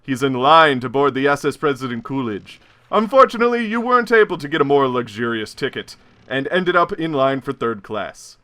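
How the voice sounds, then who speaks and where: A man's voice: mid-range voice, very animated, a little fast, sharp tone. A man narrating a tabletop horror game as game master, telling the scene like a story. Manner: storytelling, with chuckles.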